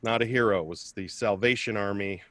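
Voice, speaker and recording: A man's voice: on the low side, moderate pace, a bit bright, no room sound. A man doing a self-deprecating stand-up comedy set over a video call, chatting with viewers between jokes.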